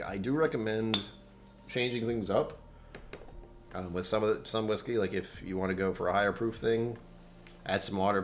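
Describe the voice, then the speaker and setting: A man's voice: lowish voice, a little hiss or hum. A middle-aged man hosting a whiskey live stream from home, chatting casually in a rambling, self-deprecating way and laughing often. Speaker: whiskey channel host.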